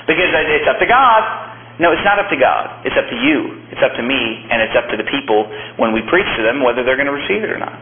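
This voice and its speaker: A man's voice: medium pitch, animated, quick pace. Male pastor, emphatic fiery preacher, lo-fi phone-like audio in an echoey hall. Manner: emphatic, voice jumps up to stress points. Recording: tinny, noisy, echoey church audio.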